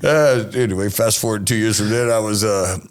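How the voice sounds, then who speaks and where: A man's voice: on the low side, fairly quick. A man in his late forties from the United States, telling his story as an interview guest and acting out the people in it. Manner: animated, acts out voices in his stories, laughs often. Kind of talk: casual storytelling.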